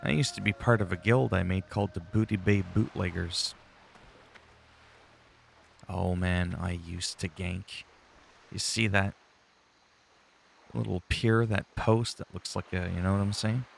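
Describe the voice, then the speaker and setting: A man's voice: sits low, fairly even intonation, unhurried, vocal fry, pauses often, slight background noise. A man giving casual, rambling commentary while playing a game, chatty and swearing freely. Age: adult, long-time player. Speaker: gaming channel host.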